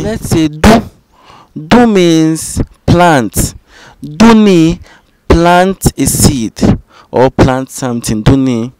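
A man teaching vocabulary, saying each phrase twice in a calm, patient way. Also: a little high, no room sound, low-quality recording. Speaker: language teacher. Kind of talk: slow, repetitive vocabulary drill.

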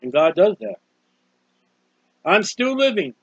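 A man's voice: high-pitched, big pitch swings, slow pace, husky, no echo, dull audio. A man preaching an informal sermon on a psalm, earnest and conversational, often repeating himself. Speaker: street preacher.

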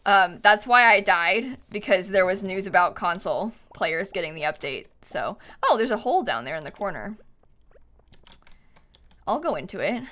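Excitable girl streaming a game, voice jumps all over the place, sharp and bright. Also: normal speed. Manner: excitable, swings between loud panicked shrieks and low mutters. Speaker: live streamer. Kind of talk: live gaming stream commentary.

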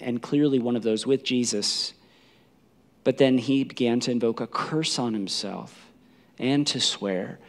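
Man preaching a dramatic sermon. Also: medium pitch. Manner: dramatic, acts out the quoted voices. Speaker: pastor. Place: church.

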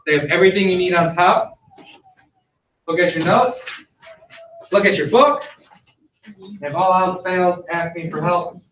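A male math teacher speaking loudly through a mask, firm and drilling his class. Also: high-pitched, fairly even intonation, measured pace, pauses often, distant mic, highs cut off, a little hiss or hum. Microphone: masked, mic at a distance. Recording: echoey classroom.

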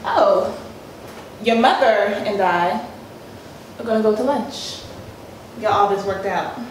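A woman's voice: mid-range voice, takes it slowly, distant mic, lightly acted. A woman playing a confrontational, betrayed wife. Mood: scornful. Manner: confrontational, sarcastic. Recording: echoey room, faint noise.

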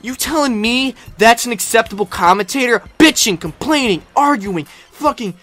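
A young man giving a ranting comedy commentary, aggressive and profane, often shouting. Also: very high voice, moderate pace, few pauses. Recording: faint music in the background.

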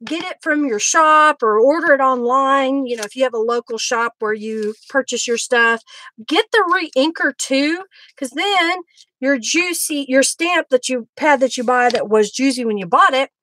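A woman's voice: high-pitched, moderate pace, sharp tone, rough recording. A middle-aged woman, chatting casually and laughing often while she hosts a live craft demo. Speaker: craft livestream host.

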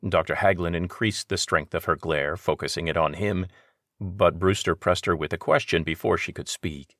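A man narrating an audiobook in a steady, measured way. His voice sits very low. The recording is close and dry, with no room sound. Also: no room sound.

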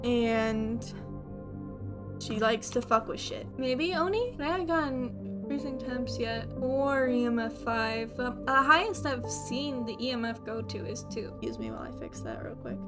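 A woman giving casual gameplay commentary, swearing a lot, jumpy, talking to the ghost and yelling at it. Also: fairly high pitch, expressive, unhurried, music in the background. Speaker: streamer playing solo.

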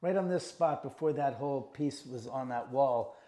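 While touring visitors through a room of his house, a middle-aged man talks at a steady, moderate pace in a medium-pitched voice. He casually relates ghostly encounters, lively in manner and acting out what was said.

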